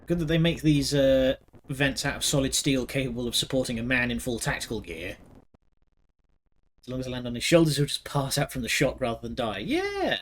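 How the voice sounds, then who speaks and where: A man's voice: mid-range voice, brisk. Man joking through a game playthrough. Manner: joking, sarcastic, swears freely. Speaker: gaming video host. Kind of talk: casual let's-play commentary.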